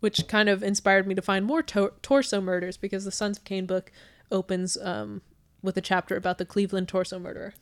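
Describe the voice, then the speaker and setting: A woman's voice: medium pitch, steady tone, fairly quick. Woman, American accent, podcast host, casual chat, lots of fillers, laughs a lot. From United States. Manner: chatty, many fillers, laughs often.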